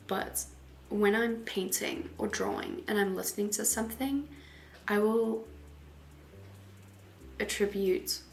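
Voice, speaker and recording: A woman tattoo artist giving casual, rambling voice-over commentary, often soft and half-whispered, with giggles. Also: mid-range voice, creaky.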